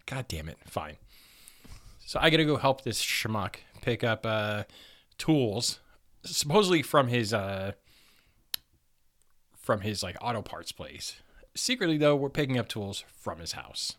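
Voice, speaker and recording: A man's voice: on the low side, a little slow, pauses often. A man hosting a podcast and telling a comic anecdote in a profane way, breaking into laughter. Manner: animated, profane, laughing storyteller. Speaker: podcast host telling a story. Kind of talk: comedic anecdote.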